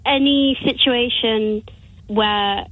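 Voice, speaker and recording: A woman's voice: on the high side, slow pace, no room sound. A woman co-hosting a chat show, teasing and chatty, heard over a phone line. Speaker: radio show co-host. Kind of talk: casual chat.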